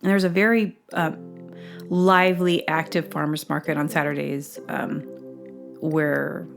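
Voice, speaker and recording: A woman's voice: sits low, a little slow, gravelly, over music. A woman hosting her own show, telling a long casual story with many fillers and restarts, acting out what people said. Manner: acts out quoted dialogue with bursts of excited laughter. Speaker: podcast host.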